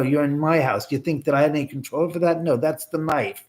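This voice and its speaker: A man's voice: medium pitch, fast talker, gravelly, hardly any pauses, a little mellow. Rambling man hosting a casual livestream. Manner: rambling, jokey asides to chat, many restarts. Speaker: livestream host and filmmaker.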